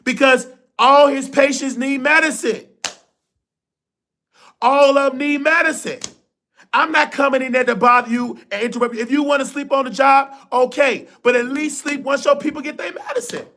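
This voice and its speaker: A man hosting a live stream show, telling a personal story in an animated, colloquial and emotional way. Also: very high voice, moderate pace. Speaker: livestream show host.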